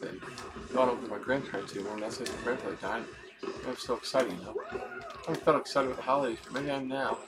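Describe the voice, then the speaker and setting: A man giving casual gameplay commentary, swearing and muttering to himself as he plays. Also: mid-range voice. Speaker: gaming YouTuber. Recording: game music playing loudly behind.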